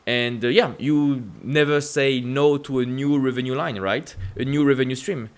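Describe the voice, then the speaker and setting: A man with a French accent hosting casual stock-market commentary, asking emphatic rhetorical questions and jumping up in pitch to stress points. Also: fairly even intonation, moderate pace. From France. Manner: emphatic, repetitive rhetorical questions with sudden upward pitch leaps. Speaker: investing channel host.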